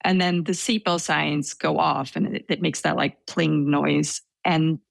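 A woman telling a story in casual conversation, soft-spoken and hesitant with many fillers. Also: low-pitched, fairly even intonation, unhurried, creaky, dry recording. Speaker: storyteller guest.

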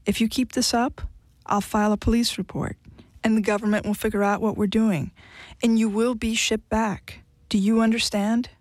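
A woman's voice: on the high side, flat delivery, normal speed, no room sound, clean studio sound, lightly acted. A woman reading a blunt, defiant young woman. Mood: threatening. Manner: blunt, cutting delivery. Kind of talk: audiobook character voice.

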